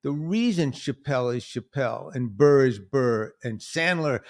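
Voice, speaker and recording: A man hosting a podcast, chatting casually and telling animated stories, acting out the lines of the people he quotes. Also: mid-range voice, measured pace. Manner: animated storyteller, acts out quotes in other voices. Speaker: podcast host. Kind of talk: casual conversation.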